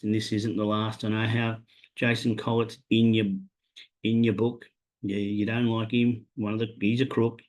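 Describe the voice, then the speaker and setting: Flying solo on his podcast, an Australian man chats casually in a fairly low, darkish voice. He meanders through horse racing tips, pokes fun at himself, and talks to co-hosts who aren't there.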